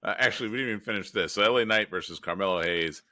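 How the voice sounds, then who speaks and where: A man's voice: fairly low pitch, racing, sharp tone. A man co-hosting a podcast in casual chat, making wry asides. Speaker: podcast co-host.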